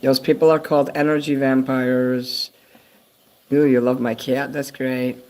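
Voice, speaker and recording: Older man rambling flatly on a livestream. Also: medium pitch, unhurried. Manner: meandering, swears freely, reads and answers chat comments. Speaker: livestream host.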